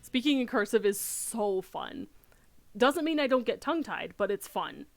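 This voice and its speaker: A woman's voice: fairly high pitch, sing-song, moderate pace, creaky, dry recording, faint music behind. A woman with an alto voice, chatting casually and correcting herself while streaming a game. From outside the UK. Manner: chatty, self-correcting, giggly asides. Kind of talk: casual gameplay chat.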